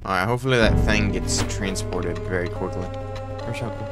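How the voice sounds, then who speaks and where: A young man casually commentating his own gameplay, reading card text aloud with excitable reactions. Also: deep voice, fairly quick, music in the background. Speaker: gaming let's-play host.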